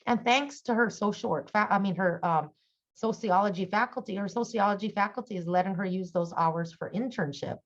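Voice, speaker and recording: A middle-aged woman speaking as a conference panelist, earnest and halting with many fillers. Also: mid-range voice, lo-fi sound. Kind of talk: conference presentation.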